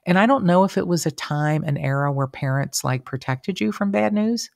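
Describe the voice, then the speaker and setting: Gravelly and lowish, this woman's voice moves at normal speed as she co-hosts a casual true-crime podcast. She's emotional and chatty, voicing people's quotes in lively tones. The podcast room recording is studio quality with no echo.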